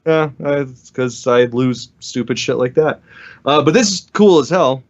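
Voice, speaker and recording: A man's voice: medium pitch, expressive, normal speed. A man co-hosting a fan podcast, talking in a laid-back, casual way with some swearing. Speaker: podcast co-host. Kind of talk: casual chat. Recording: dull lo-fi sound.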